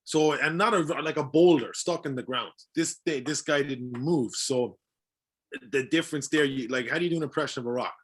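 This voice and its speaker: A man's voice: medium pitch, a little fast. A young man who is a voice-acting guest, chatting casually and eagerly explaining his craft with examples. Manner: eager, explains with examples, many fillers and restarts. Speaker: voice actor guest. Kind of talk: casual podcast chat.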